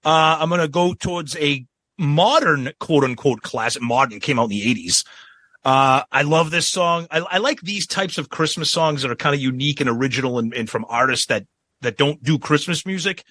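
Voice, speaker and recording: Podcast co-host, man, gushing music fan, bright forward tone, dry close mic. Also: on the high side, normal speed, no echo. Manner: enthusiastic, gushing fan talk. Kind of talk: casual chat.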